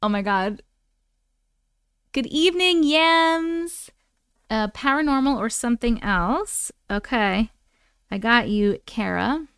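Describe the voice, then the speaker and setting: Bright-voiced woman greeting live chat. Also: a little high, animated, clear, resonant tone, no echo, studio quality. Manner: chatty, greets viewers by name, quick thank-yous. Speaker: livestream host reading chat. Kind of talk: casual live-stream chat. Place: at home.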